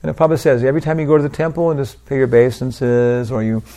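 An older man giving an informal devotional talk, rambling through anecdotes with lots of "you know" and soft laughs. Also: medium pitch, rapid-fire. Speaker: preacher.

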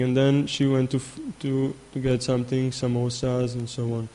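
A man giving a spiritual talk who tells a story in a halting way, repeating words and filling gaps with "uh". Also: medium pitch, monotone, darkish tone. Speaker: spiritual teacher. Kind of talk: sermon with storytelling.

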